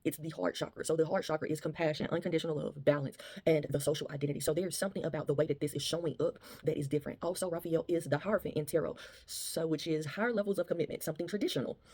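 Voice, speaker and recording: A woman talks quickly through a tarot reading, circling back and restarting her thoughts as she goes. Her voice is low, husky and mellow in tone. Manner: rambling, restarts often, addresses listeners as y'all. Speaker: tarot reader. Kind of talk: casual spoken tarot reading.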